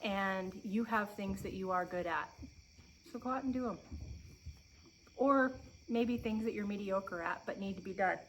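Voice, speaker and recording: A woman in her thirties sits outside on her farm and talks openly to her viewers. She is emotional and close to tears, but stays earnest and encouraging, pausing and starting over as she goes. Crickets and insects sound faintly in the background. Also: medium pitch, rough recording. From Oregon. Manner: earnest, encouraging, pauses and restarts often. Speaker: homestead vlogger. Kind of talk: heartfelt sit-down chat to camera. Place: outdoors on a farm. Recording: faint outdoor insect noise.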